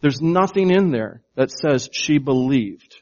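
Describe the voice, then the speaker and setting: A man's voice: mid-range voice, animated, unhurried, a little mellow, muffled recording. A man preaching a sermon, emphatic and shifting his volume to stress words, often asking his congregation questions. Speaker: pastor.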